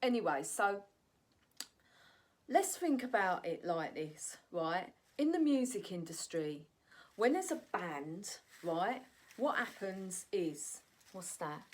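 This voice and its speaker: A woman's voice: medium pitch, very animated, takes it slowly. A woman vlogging in a chatty, ranting monologue, often tossing in "right?" asides. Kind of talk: casual opinion monologue.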